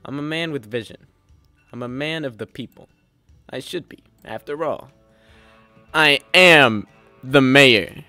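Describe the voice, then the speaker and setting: A man's voice: mid-range voice, normal speed, a bit bright, dry recording, soft background music, natural voice. A man voicing a pompous, scheming male city mayor who is a villain, speaking in a grandiose, theatrical way. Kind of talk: comedic audio drama.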